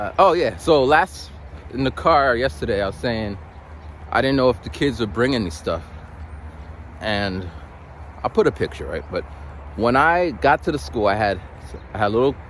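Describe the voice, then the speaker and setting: A man chatting casually in a vlog while outdoors in the cold, rambling through animated stories with stammered restarts about his school lunchroom duty. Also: medium pitch, a little hiss or hum. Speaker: vlogger who works lunchroom duty at a school. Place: outdoors in cold weather, near a bridge.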